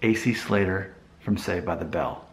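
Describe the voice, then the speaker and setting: A man's voice: sits low, moderate pace, roomy sound, a little hiss or hum. A man in casual vlog talk, rambling a little, with restarts and asides. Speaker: vlogger. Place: Nashville.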